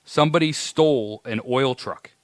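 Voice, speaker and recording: Co-host, New England man, mid-pitched, relaxed storyteller, dry close mic. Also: moderate pace, dry recording. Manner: easygoing storyteller. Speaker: podcast co-host. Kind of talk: casual chat.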